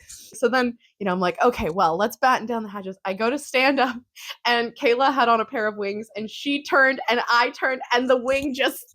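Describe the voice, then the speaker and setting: A woman's voice: on the high side, a bit bright. Young adult woman, casual vlog recap, chatty and laughing often. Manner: chatty, giggly, lots of fillers. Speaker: vlogger.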